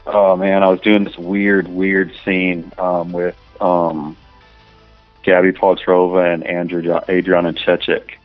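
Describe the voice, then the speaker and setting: A man talking casually in an interview, rambling and crude, filling every pause with "you know" and "man". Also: deep voice, completely flat delivery, dry recording, narrow, tinny audio, faint music behind. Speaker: adult film performer guest.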